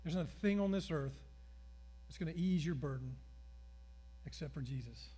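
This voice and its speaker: A middle-aged male pastor preaching a sermon, telling stories with acted-out dialogue in an animated way. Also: a little high, moderate pace, slightly rough.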